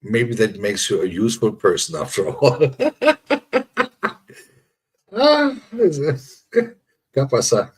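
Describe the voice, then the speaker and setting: A man's voice: mid-range voice, huge pitch swings, slow, pauses often, a little mellow, husky. A man hosting a casual live chat, teasing his viewers, laughing often and repeating himself as he talks. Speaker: livestream host.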